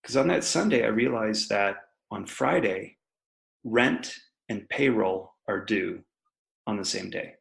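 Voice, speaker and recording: A man's voice: fairly low pitch, a little slow, vocal fry, a bit bright, rough recording. A man in his forties, a guest entrepreneur, candidly telling a personal business story in a podcast interview.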